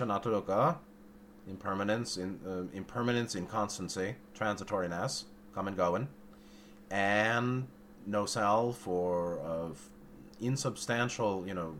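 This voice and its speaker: Low-voiced man musing through a dharma talk. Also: fairly bright tone, slight background noise. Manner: musing, searching for words, with dry humor and blunt asides. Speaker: dharma teacher.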